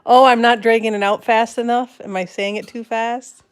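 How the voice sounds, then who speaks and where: A woman's voice: on the high side, steady tone, moderate pace, clear, resonant tone. A woman hosting a casual livestream, reading out viewer comments and repeating words back in a playful, questioning way. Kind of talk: casual live-stream chat.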